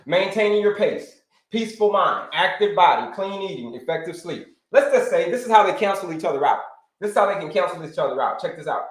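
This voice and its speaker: High-voiced male health coach running a live stream, lively and repetitive, in a roomy, echoing space. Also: a little fast. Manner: animated, repeats phrases, addresses viewers as folks.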